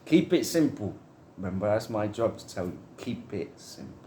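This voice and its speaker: A man's voice: on the low side, sing-song, normal speed, echoey room, background noise. A man giving a rambling, heartfelt spiritual monologue to camera, musing on love and trust.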